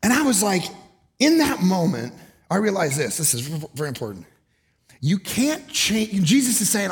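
A middle-aged male pastor preaching a sermon, telling animated stories and often shouting for emphasis. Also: fairly high pitch, moderate pace, vocal fry. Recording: long hall reverb.

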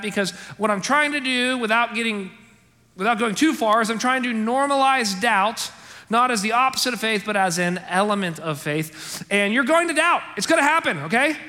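A man preaching to his congregation in a high, bright voice. He talks in a chatty, emphatic way and keeps checking in with "okay?" and "right?". The sound carries the long reverb of a church hall. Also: normal speed. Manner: conversational, emphatic, frequent "okay?" and "right?" asides. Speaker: pastor. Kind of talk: sermon. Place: church sanctuary.

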